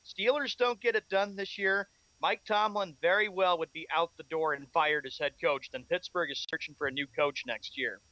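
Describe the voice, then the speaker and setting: Bright, high-voiced sports radio co-host. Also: male voice, fairly even intonation, moderate pace, few pauses, no room sound, rough recording. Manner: reads headlines, steers the segments. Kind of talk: sports talk radio banter.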